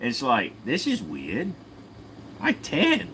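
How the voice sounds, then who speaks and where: A man's voice: medium pitch, huge pitch swings, slow, fairly bright tone, slight background noise, pitched above the performer's own voice, full character voice. A man voicing a cheeky, defensive Australian man in a put-on Australian accent, jokey and indignant.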